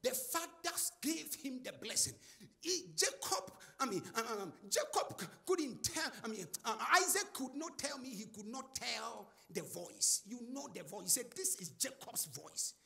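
A man preaching a sermon in call-and-response style, shouting and chanting phrases to the congregation. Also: very high-pitched, big pitch swings, unhurried, vocal fry.

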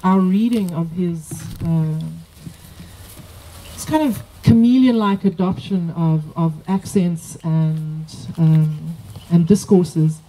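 A woman moderating a poetry workshop, explaining in a hesitant way with many pauses and fillers. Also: on the low side, mellow, slight background noise, low-quality recording. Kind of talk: academic discussion. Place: workshop room.

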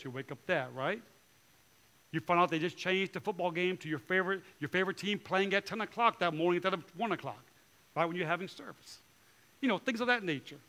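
A male pastor delivering a sermon with a high, bright voice. He preaches in an animated way, jumping into short impressions of churchgoers and quoting scripture with emphasis. His tone stays forceful and clear as he drives each point home. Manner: animated preaching, acting out voices of people and God.

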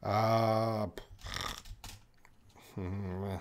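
Slow, patient male English teacher. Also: fairly low pitch, level tone, a little hiss or hum. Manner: slow, patient, reads viewer questions aloud then explains. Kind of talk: live Q&A English lesson.

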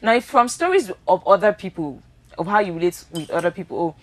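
A woman's voice: mid-range voice, big pitch swings, a little fast, poor audio. A Nigerian woman hosting a casual chat, asking questions and reflecting on her friendships.

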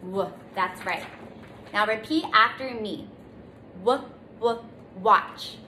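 A woman teaching a children's circle time lesson in a gentle, sing-song way, stretching out letter sounds for little ones to repeat. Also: medium pitch, slow. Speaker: preschool teacher. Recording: echoey room, faint noise.

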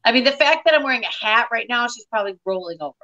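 Bright, lively middle-aged woman comedian. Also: a little high, muffled recording. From Detroit, USA. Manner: animated, quick storytelling. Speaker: comedian, guest. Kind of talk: casual interview chat.

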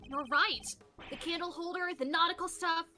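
Brief: woman playing a goofy young male trainee lawyer, high, bright and bubbly. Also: fairly even intonation, moderate pace, soft background music, heavily acted. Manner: bubbly, playful, joking. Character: eager, goofy young male assistant attorney. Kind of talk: fan dub of a game.

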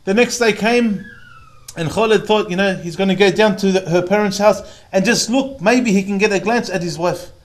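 A man in his thirties with an Australian accent, a preacher telling a dramatic story in a sermon, earnest, dropping to a hush on pious asides. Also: sits high, moderate pace. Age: 30s. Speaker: Islamic preacher.

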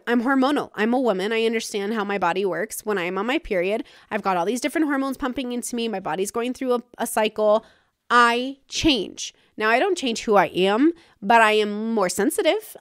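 A woman's voice: a little high, dry recording. Frank, casual woman podcaster, dry sound. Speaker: podcast host. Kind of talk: candid solo monologue.

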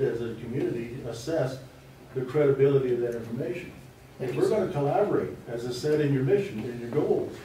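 Man at public comment, formal and pointed, mellow voice, miked from afar in an echoey hall. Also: mid-range voice. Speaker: resident speaking at public comment. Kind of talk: public comment at a school board meeting. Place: large meeting room. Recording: echoey hall, mic at a distance, faint noise.

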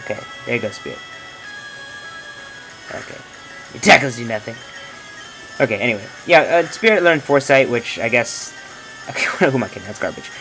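A young man narrating his own game playthrough with a playful, teasing edge. His pitch swings widely as he jokes and trash-talks, and a faint bed of music plays under his voice. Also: lively intonation, fairly quick, long pauses, a bit bright, poor audio. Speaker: let's play gamer. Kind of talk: playthrough commentary.

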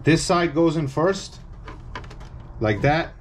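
A man's voice: on the high side, lively intonation, takes it slowly, a little hiss or hum. A man walking viewers through a hardware repair step by step, in a casual, instructive way that stresses the warnings. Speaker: repair technician.

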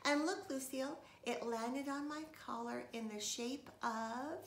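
A woman voicing a scheming, dramatic little boy who often drops to a hush, read from a storybook. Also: high-pitched, measured pace, pitched above the performer's own voice. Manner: hushed and secretive at times. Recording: echoey room, faint noise.

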